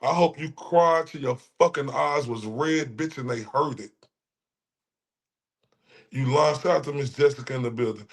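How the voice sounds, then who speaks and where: A man's voice: mid-range voice, normal speed, pauses often. A man hosting a livestream, ranting profanely and mockingly in heated reaction commentary. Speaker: livestream host reacting to clips.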